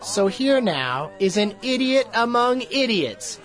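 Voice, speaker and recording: Club emcee, teasing and lively in pitch, faint music behind. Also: slow pace. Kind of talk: comedy club introduction.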